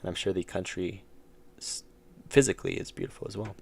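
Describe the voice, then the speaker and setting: Low, gravelly male streamer, casual, mutters while coding, keys clacking. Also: steady tone, fairly quick, a little mellow. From United States. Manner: thinks aloud, mumbles while working, chats with viewers. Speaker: game developer streamer.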